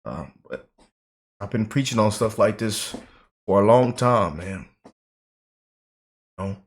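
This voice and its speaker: A man's voice: lowish voice, animated, slow. A man hosting a political commentary channel, emotional and repetitive, filling his talk with "man" and "you know".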